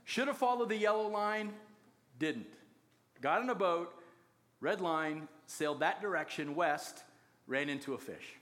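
A man's voice: fairly high pitch, expressive, measured pace, fairly bright tone. A man preaching a sermon, telling the story with jokes and acted-out quotes. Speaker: pastor.

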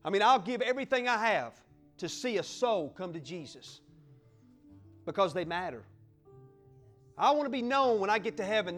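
Male pastor, high lively voice, fiery sermon delivery, faint music underneath. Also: normal speed, pauses often. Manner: fiery, exuberant preaching with whoops and acted-out little scenes.

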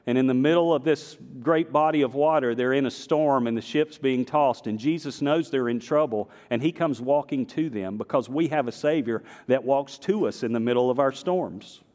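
Pastor with a slight Southern accent. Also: male voice, medium pitch, moderate pace, hardly any pauses, long reverb tail. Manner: emphatic preaching, swinging to quiet storytelling asides. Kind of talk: sermon. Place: church sanctuary.

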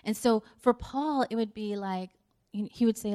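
A woman's voice: mid-range voice, moderate pace, warm tone, clear, resonant tone. A middle-aged woman giving a conversational sermon, telling a story with acted-out dialogue and laughter. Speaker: speaker.

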